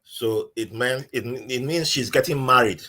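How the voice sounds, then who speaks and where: This podcast guest is a man with a Nigerian accent, speaking in a mid-range voice at normal speed. He's an animated storyteller in casual conversation, performing the voices he quotes.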